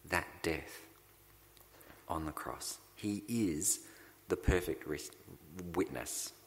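Male pastor, low gravelly voice, unhurried sermon delivery, reverberant church sound. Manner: slow, deliberate preaching with dramatic pauses.

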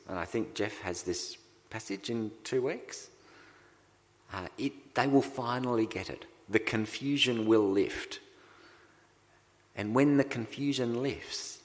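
A man preaching a sermon as pastor, slow and deliberate, with dramatic pauses. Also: fairly low pitch, creaky, big-room sound.

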